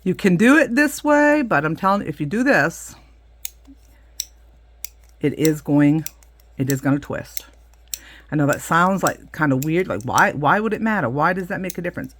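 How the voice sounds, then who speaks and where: A woman's voice: fairly low pitch, lively intonation, moderate pace, long pauses, a little hiss or hum. A middle-aged woman casually demonstrating a craft, chatty and full of asides as she works. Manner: chatty, explains hands-on with many asides. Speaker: craft teacher.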